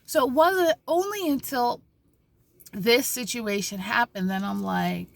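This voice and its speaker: A woman vlogging from a parked car, telling a story in an animated, conversational way with many restarts and asides. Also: fairly high pitch, a little slow, gravelly. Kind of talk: casual spiritual vlog talk.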